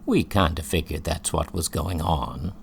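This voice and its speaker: An easygoing father talks in a relaxed, friendly way, as a male narrator voices him. His voice is deep and gravelly, and he speaks slowly. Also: slight background noise, heavily acted. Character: easygoing adult father who loves early music.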